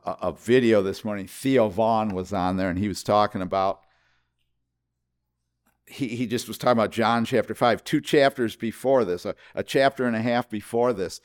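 Older pastor preaching with fervor. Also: male voice, lowish voice, moderate pace, clear, resonant tone. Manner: impassioned, repeats words and questions, rising emphasis. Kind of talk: sermon. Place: church service with congregation.

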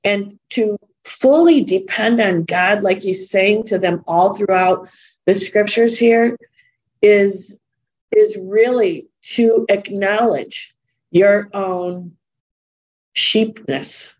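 A woman's voice: mid-range voice, slow pace, rough recording. A woman preaching a sermon in an earnest, conversational way, repeating points for emphasis.

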